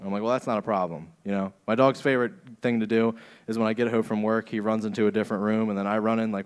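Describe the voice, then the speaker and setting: A man's voice: fairly low pitch, fairly even intonation, fast, hardly any pauses, clean tone. A young man doing a stand-up set in a comedy club, often laughing at his own jokes.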